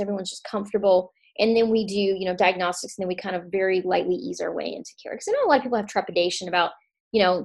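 A woman chats as a podcast guest, her pitch sitting in the middle of the range. She talks in a relaxed, warm way and often starts sentences over, with plenty of fillers. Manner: warm, chatty, many restarts and fillers. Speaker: chiropractor guest. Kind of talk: casual podcast interview.

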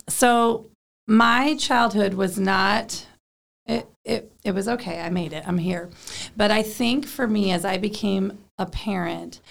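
Mom talking parenting, super gravelly fry voice, chatty, says like a lot. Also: female voice, medium pitch. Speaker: co-host, parent. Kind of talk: casual faith talk.

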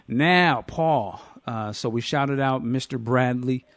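Chatty American podcast host. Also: male voice, medium pitch, slow, a bit bright, no room sound. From United States. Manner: chatty, rambling with many fillers. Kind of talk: casual chat.

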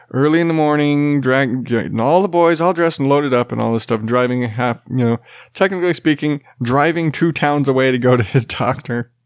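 A worn-out man in his thirties hosts a casual chat, his sentences wandering and breaking off as he laughs and swears offhandedly. His voice sits at an ordinary pitch for a man. It is recorded close on a mic in a dry, dead space. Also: normal speed, no room sound. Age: 30s. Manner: rambling, self-interrupting, laughs often, swears casually. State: tired. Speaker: podcast host and father.

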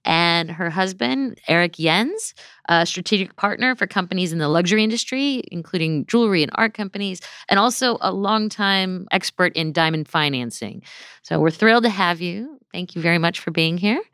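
Smooth-voiced woman hosting a podcast. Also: on the low side, a bit bright, dry recording, clean studio sound. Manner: upbeat and welcoming. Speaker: podcast host, magazine editor. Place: podcast studio.

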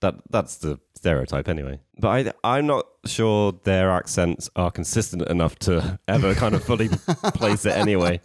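Deep-voiced, wry podcast guy. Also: expressive, moderate pace, few pauses, no room sound, studio quality. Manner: wry, blunt opinions with easy laughs. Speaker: podcast co-host. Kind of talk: casual chat.

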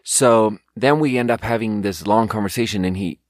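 A man's voice: on the low side, moderate pace, no room sound, clean studio sound. A man from Sweden hosting a podcast, telling a rambling, profane, self-mocking story in casual monologue. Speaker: podcast host and restaurant server.

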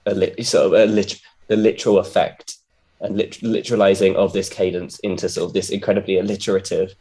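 A man's voice: deep voice, level tone, a little fast, warm tone. A man in casual conversation, hesitant and full of fillers as he searches for words about lyrics.

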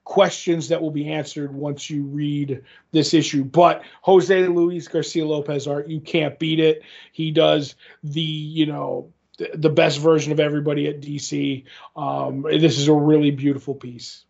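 A man's voice: on the high side, little pitch movement, a little slow, gravelly, hardly any pauses, a little mellow. A man co-hosting a casual podcast, joking and making puns in easy banter. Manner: jokey, punning banter. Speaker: podcast co-host. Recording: dull lo-fi audio.

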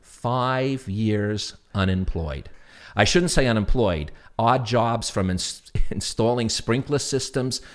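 A man with a New York accent tells stories from his career as an interview guest. His voice sits fairly low, and he acts out other people's lines and laughs as he goes. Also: slow. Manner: animated anecdotes, acts out quoted voices, laughs often. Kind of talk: storytelling interview.

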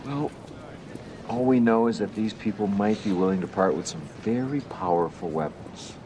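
A man's voice: fairly low pitch, normal speed, noisy background, lightly acted. An actor playing a wry, blunt male military colonel with a dry, sarcastic way of talking.

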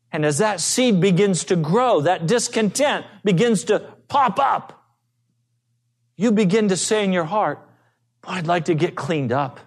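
Slow-preaching high-voiced male pastor. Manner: slow, earnest preaching with acted-out quotes. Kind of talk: sermon.

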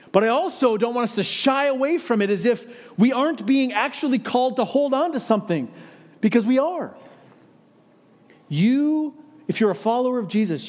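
A pastor delivers a sermon in a high, light male voice. He speaks earnestly and with emphasis, often pausing to put rhetorical questions to the congregation. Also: a little mellow.

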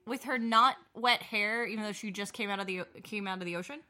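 A woman's voice: medium pitch, quick pace, bright, forceful tone. A woman riffing on a movie in casual chat, making dry, wry quips. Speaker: co-commentator.

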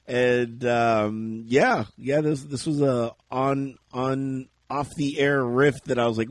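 Man, podcast host, casual chat, animated, laughs a lot, middle pitch, dry close mic. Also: slow pace, hardly any pauses, no room sound. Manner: animated, laughs often, acts out his own reactions.

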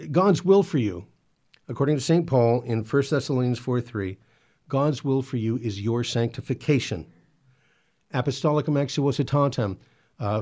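In a mid-range, slightly mellow voice, a man gives spoken Catholic commentary and exhortation with real earnestness. Pressing his point, he frequently stumbles and repeats his words.

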